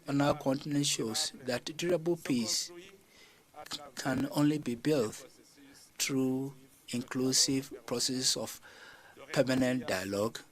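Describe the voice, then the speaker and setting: Guy giving a formal summit speech, measured, lots of uhs and restarts, mid pitched. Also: rough recording. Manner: measured, with frequent fillers and restarts. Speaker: summit chair addressing heads of state.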